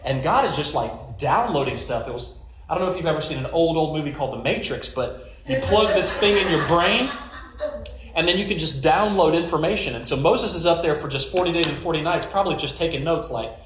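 A man's voice: on the high side, brisk, reverberant, noisy background. A male pastor giving a conversational sermon, retelling scripture with jokes and storytelling asides.

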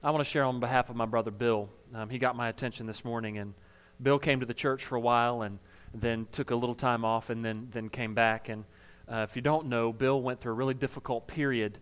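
A man's voice: mid-range voice, steady tone, a little fast, hardly any pauses, smooth. A male pastor speaking conversationally to his congregation, sharing a story about a church member. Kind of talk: informal sermon.

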